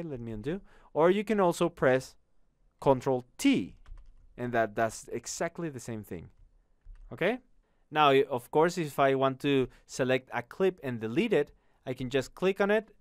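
A man teaching an online course, walking through a software tutorial in an upbeat, chatty way, often saying "okay?" after each step. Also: medium pitch, no echo, studio quality. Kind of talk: screen-recorded software tutorial.

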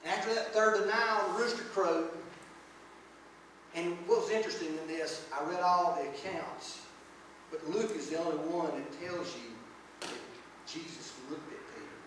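A man's voice: a little high, normal speed, a bit bright, recorded from a distance, a little hiss or hum. A man preaching a sermon, reading scripture and acting out the quoted lines, with folksy asides. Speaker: pastor. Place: church sanctuary. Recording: echoey church hall, speaker away from mic.

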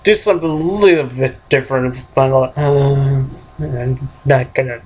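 A man's voice: medium pitch, moderate pace, a little mellow. A man hosting a game let's play, rambling casually and chuckling to himself as he plays. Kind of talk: casual gameplay commentary.

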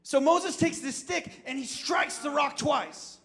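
A man pastor delivering a short sermon, building to emphatic shouted peaks and then dropping low, often repeating words as he drives a point home. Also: measured pace.

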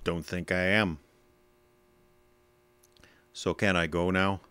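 A gruff, sarcastic suspect. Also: male voice, sits low, level tone, slow pace, bright, forceful tone, dry recording, full character voice. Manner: blunt, sarcastic, hostile retorts. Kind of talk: audio drama acting.

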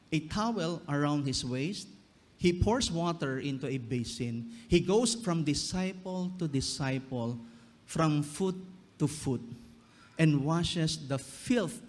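A man preaching a sermon as pastor, switching between English and Tagalog with slow emphasis. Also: fairly high pitch. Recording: long reverb of a church hall.

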